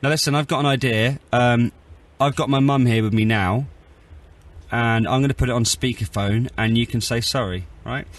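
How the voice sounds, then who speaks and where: A man's voice: mid-range voice, moderate pace, a little hiss or hum. A male radio host telling a cheeky story in studio chat, with a mock-tough streak. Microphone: studio microphone.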